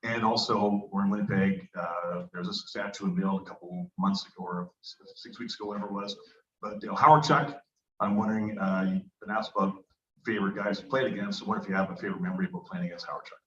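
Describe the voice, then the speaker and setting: A man's voice: on the low side, steady tone, quick pace, fairly bright tone. A man in the audience asking a long, hesitant question from the floor. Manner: rambling, hesitant question with fillers. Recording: distant, echoey, dull room sound.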